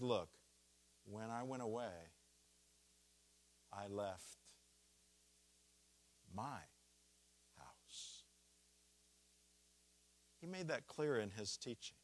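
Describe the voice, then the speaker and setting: Male pastor, unhurried sermon delivery, measured pauses, punches key words, mid-pitched voice. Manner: slow, deliberate preaching with stressed key words.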